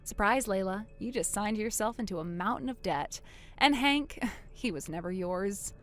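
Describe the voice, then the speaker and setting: A woman voicing a wronged older sister in a text-message story, speaking low, subdued and cold. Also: expressive, normal speed, soft background music, lightly acted. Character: wronged older sister, quiet and bitterly calm.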